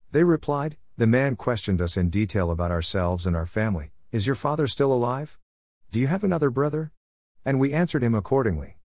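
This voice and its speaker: A man reading scripture aloud in a steady, measured way, lifting his voice a little for quoted speech. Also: lowish voice, no echo, studio quality. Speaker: Bible reader.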